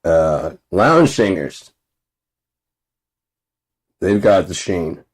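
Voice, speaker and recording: A man's voice: low voice, fairly even intonation, moderate pace, darkish tone. A man vlogging in a rambling, profane, casual monologue, laughing often at his own stories.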